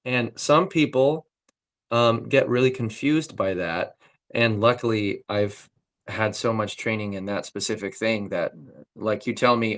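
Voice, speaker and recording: A man's voice: fairly low pitch, measured pace, a bit bright. A young man, a voice actor, talking casually in an interview, loose and full of fillers as he explains his craft. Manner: loose, filler-heavy, technical talk with frequent likes and ums. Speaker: voice actor guest.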